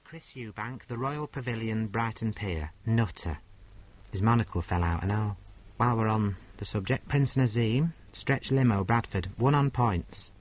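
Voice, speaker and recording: A man's voice: fairly low pitch, moderate pace, natural voice, low-quality recording. A man playing a crude, brassy woman agony aunt who reads out letters and answers them bluntly in a comedy sketch. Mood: boastful. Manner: blunt, bawdy, mock-sincere.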